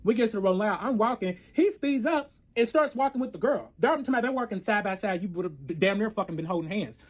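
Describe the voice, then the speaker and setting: A man telling a story in casual chat, animated and profane, acting out both sides of the arguments. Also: sits high, quick pace.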